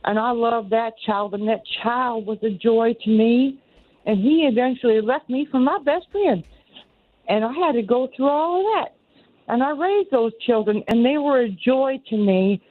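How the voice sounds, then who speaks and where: Calling a radio show by telephone, a Southern-accented woman in her sixties rambles earnestly through her story, repeating herself often. Her voice is fairly high and moves at a moderate pace, heard on a tinny phone line.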